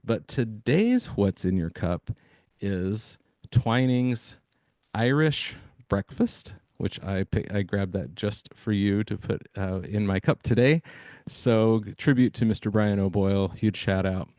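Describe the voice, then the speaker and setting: A man's voice: lowish voice, expressive, takes it slowly, a little mellow, no room sound. A man hosting a sales podcast, talking to listeners in an enthusiastic, hyping way with plenty of fillers. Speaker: podcast host. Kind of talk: energetic podcast monologue.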